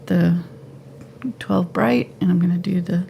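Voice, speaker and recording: A woman giving a live painting tutorial at home, relaxed and thinking aloud as she paints. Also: on the low side, a little slow, vocal fry, a little hiss or hum. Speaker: painting instructor.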